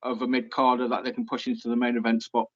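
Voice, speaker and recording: A man's voice: medium pitch, monotone, fast. A man co-hosting a casual podcast, giving confident, opinionated takes and speaking to his listeners. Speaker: podcast co-host. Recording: muffled lo-fi audio.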